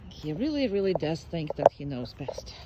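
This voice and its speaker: A dog trainer talking casually through a training drill, explaining each step, then switching to high, gushing praise for the dog. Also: very animated, normal speed, heavy background noise. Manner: chatty, explains while working a dog; bursts into high-pitched baby-talk praise for the dog.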